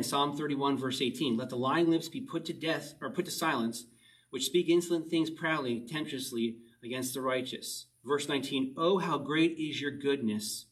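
A man's voice: mid-range voice, far from the mic, low-quality recording. A man preaching a casual sermon, reading a psalm and explaining it in a chatty way, asking his listeners questions and often chuckling. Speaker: pastor.

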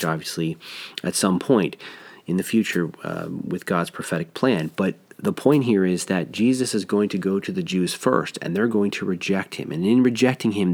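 Low-voiced man teaching the Bible. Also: a little mellow. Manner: conversational, explains verse by verse with restarts.

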